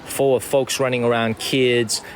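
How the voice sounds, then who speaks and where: A man's voice: medium pitch, little pitch movement, measured pace. American guy streaming a walking tour outside, thanks chat by name, says things twice, city noise around. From United States. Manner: chatty, thanks viewers by name, repeats himself. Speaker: livestream tour host. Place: outdoors at a historic residence. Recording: outdoor street noise.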